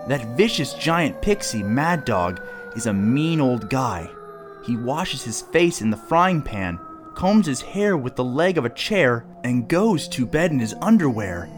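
A man's voice: mid-range voice, big pitch swings, a little slow, soft background music. A man voicing a clever, chatty female duck in a read-aloud storybook, with a slightly raised, friendly voice. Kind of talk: storybook character voice.

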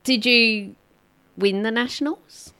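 Animated woman podcast host. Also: fairly high pitch, slow, clear, resonant tone. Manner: animated, swears casually, laughs often. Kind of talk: casual interview over video call. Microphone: video call.

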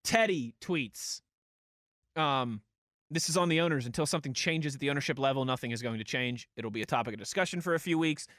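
A man's voice: medium pitch, a little fast, fairly bright tone, no room sound, clean studio sound. A man hosting sports talk radio, chatting casually and reading listener tweets. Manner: conversational, reads listener tweets aloud.

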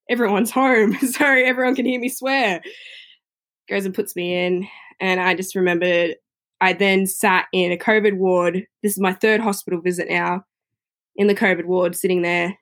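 A woman telling a personal story in a casual, chatty way, often filling pauses with "you know". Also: mid-range voice.

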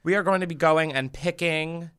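A podcast co-host with a fairly high-pitched male voice talks at a normal speed, his tone fairly bright, clear and resonant. The recording is clean studio sound with no room noise. He chats casually, joking, swearing and laughing often.

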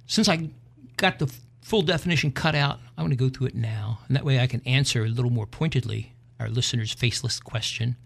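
A middle-aged man at an ordinary mid-range pitch, ranting emphatically on his own show. He wanders into wry asides and then pushes his point home. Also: creaky, slightly rough. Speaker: podcast host. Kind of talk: opinion rant monologue.

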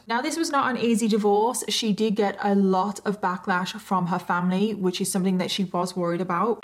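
A British woman hosts a true crime podcast in a chatty, conversational tone. Her voice sits at a middle pitch for a woman, and she often turns to the listener with direct asides while telling the story.

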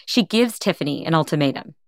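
A woman host narrating the story in a calm, scripted way and asking her guest short questions. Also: sits low, quick pace, dry recording, studio quality.

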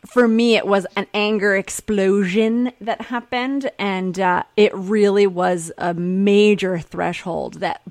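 A woman's voice: medium pitch, steady tone, takes it slowly, few pauses, darkish tone, dry recording, clean studio sound. A woman talking candidly in a casual conversation, swearing freely and acting out her own quotes.

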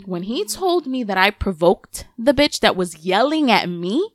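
A woman's voice: mid-range voice, a little slow, no echo, studio quality, faint music behind. A woman in her thirties hosting a podcast, telling a story in casual, candid chat, cursing freely. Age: 30s. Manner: candid, profane, animated storytelling. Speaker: podcast host.

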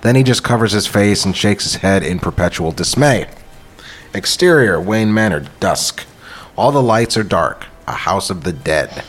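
A man hosting a podcast, reading a screenplay aloud with deadpan, profane asides. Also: sits low, normal speed. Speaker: podcast host. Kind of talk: script read-through with banter.

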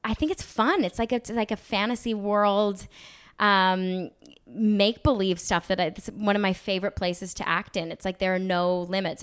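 A young woman from Australia, a guest actress chatting casually in an interview, laughing often and filling pauses with "like" and "um". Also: fairly low pitch, vocal fry, clear, resonant tone.

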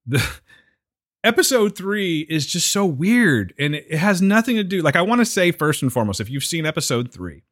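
A man's voice: a little high, big pitch swings, moderate pace, a bit bright, dry recording, clean studio sound. A man co-hosting a podcast in casual, joking chat. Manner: laid-back, joking, rambling. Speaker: podcast co-host.

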